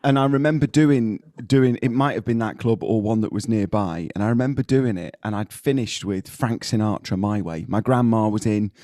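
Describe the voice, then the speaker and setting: A man's voice: fairly low pitch, moderate pace, few pauses, mellow, no room sound. Brief: male podcast co-host, laughing storyteller, dry booth sound. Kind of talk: casual chat.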